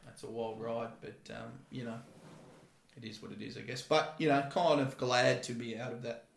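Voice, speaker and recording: A man who used to be a security guard, mid-range in voice with a creaky quality and normal speed, shares lively anecdotes casually and with plenty of swearing. The room adds a noticeable echo.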